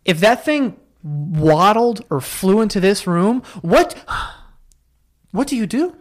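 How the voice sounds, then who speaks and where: A man with a high voice co-hosts a podcast in loose, casual chat. He gets animated and his pitch jumps even higher when something excites him. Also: slow pace. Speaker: podcast co-host.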